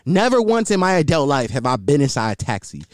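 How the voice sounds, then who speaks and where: A man's voice: on the high side, big pitch swings, fairly quick, no room sound, clean studio sound. A man hosting his podcast alone, telling a crude story in casual slang and laughing along the way. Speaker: podcast host.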